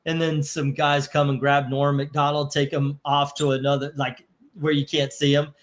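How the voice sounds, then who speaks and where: A man's voice: fairly high pitch, level tone, normal speed, crowd noise. Chatty man running a comic auction. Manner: rambling, swears casually, laughs while telling stories. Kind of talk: casual live-stream chat.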